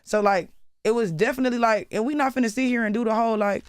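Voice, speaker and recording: A woman's voice: a little high, fairly even intonation, fast, no room sound. A young woman speaking as a guest in a candid interview, blunt and profane, rambling with many fillers. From Atlanta. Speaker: rapper guest.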